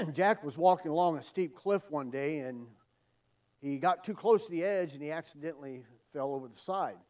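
Higher-voiced man preaching an earnest sermon. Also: normal speed, a little mellow, recorded from a distance. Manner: earnest, emphatic preaching with repetition. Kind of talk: evening sermon.

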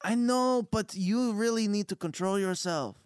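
A man's voice: sits high, measured pace, clear, resonant tone, dry recording, studio quality, voice pushed up. A man voicing a self-important figure who grandly repeats his own name while scolding. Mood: stern.

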